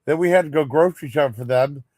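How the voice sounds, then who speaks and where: A man on a live stream rambles through a long grievance, swearing freely and circling back on himself. His voice sits a little high for a man. The sound is close and dry, with no room around it. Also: fast, a little mellow, dry recording. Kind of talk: casual storytelling chat.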